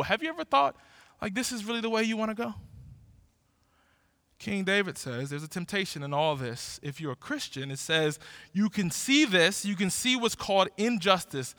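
A man in his forties preaching a sermon in a lively, conversational way, often restarting his words. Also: high-pitched, no room sound, studio quality. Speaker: pastor.

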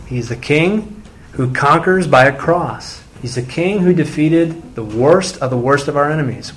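A man's voice: mid-range voice, a little hiss or hum. A man preaching a sermon in an earnest way, using repeated refrains and acting out the voices in the story he tells. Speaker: pastor.

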